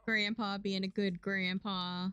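A young woman streaming a life-sim game, chatting casually and getting excited and squealy at times. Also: medium pitch, slow pace, smooth, no echo. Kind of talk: casual gameplay commentary.

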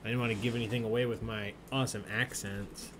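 A man's voice: lowish voice, flat delivery, fast, noisy background. A man hosting an online trivia game, reading out questions and answers in a jokey, chatty way. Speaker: trivia host. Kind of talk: live-streamed trivia hosting.

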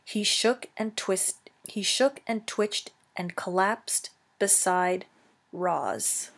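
A woman teacher reading a children's novel aloud, slow and careful, correcting herself now and then. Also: medium pitch, a bit bright.

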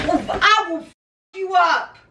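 A woman's voice: very high voice, unhurried, bright, forceful tone, slight background noise. A woman at home confronting her husband in a prank video, demanding to know what he is doing. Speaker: wife. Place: home, indoors. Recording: echoey room, mic far off.

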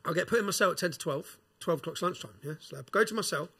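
Fast, bright-voiced man. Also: high voice, creaky, husky. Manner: animated, swearing, London slang. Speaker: podcast guest. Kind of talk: casual storytelling.

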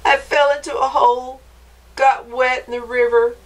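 A woman's voice: sits high, little pitch movement, moderate pace, recorded from a distance, voice pushed up, lightly acted. A woman voicing an unlucky young male mouse who grumbles and complains about his bad day in a storybook reading. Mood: grumbling. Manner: complaining, whiny.

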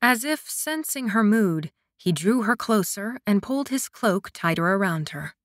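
A woman narrating a romance audiobook in a soft, intimate storytelling manner. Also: medium pitch, animated, measured pace, dry recording, studio quality. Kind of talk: scripted narration.

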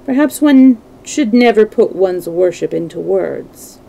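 A woman's voice: medium pitch, lively intonation, measured pace, gravelly, mellow, poor audio. A woman reading a classic novel aloud to a live stream, giving the characters' dialogue a light touch of acting. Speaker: storyteller.

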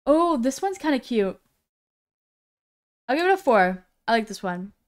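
Woman streamer reading chat out loud, smooth kinda high voice, keeps saying sorry for names. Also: big pitch swings, unhurried. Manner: reads chat aloud, apologetic, stumbles over names. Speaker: live streamer. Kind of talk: casual live-stream chat.

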